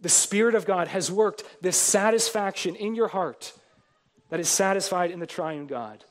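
A man's voice: sits high, normal speed. A man preaching a sermon as pastor to his congregation, earnest, building emphasis through repeated phrases.

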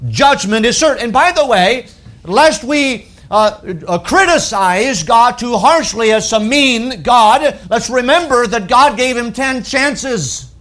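High-voiced male preacher. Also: animated, fairly bright tone. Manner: emphatic, with rhetorical questions and slowed key phrases. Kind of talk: sermon.

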